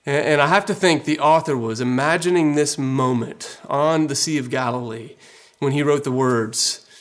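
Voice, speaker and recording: A man delivers a sermon in a relaxed, conversational tone. He is earnest and talks plainly to his listeners, with frequent filler words. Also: mid-range voice. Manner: conversational, earnest, many fillers like "you know". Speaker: pastor.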